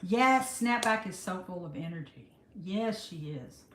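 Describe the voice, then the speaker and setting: A woman, hosting a casual livestream, chatting warmly with viewers and calling them honey. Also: fairly low pitch, lively intonation, unhurried, slight background noise. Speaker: livestream host. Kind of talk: casual live chat greeting viewers. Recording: roomy echo.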